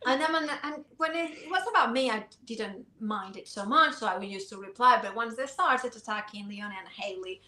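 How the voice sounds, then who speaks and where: A woman with a Spanish accent and Spanish as her first language, telling stories in animated casual chat and laughing often. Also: a little high, moderate pace, few pauses. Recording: roomy echo.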